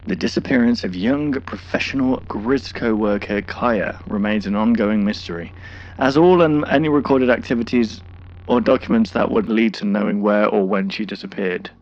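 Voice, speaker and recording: A man's voice: on the low side, muffled recording. A young man hosting a casual reaction video, rambling and poking fun at himself as he reads on-screen text aloud.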